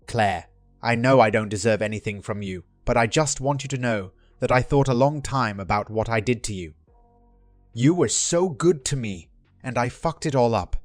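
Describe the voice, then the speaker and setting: A man's voice: medium pitch, normal speed, dry recording, soft background music, natural voice. A man voicing a desperate young woman, the narrator's ex, pleading to be taken back. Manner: earnest, begging.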